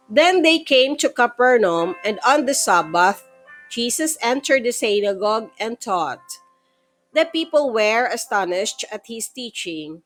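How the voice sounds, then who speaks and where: A woman reading scripture aloud in a calm, measured, reverent way. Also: fairly high pitch. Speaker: scripture reader. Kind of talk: slow devotional scripture reading. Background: soft instrumental music.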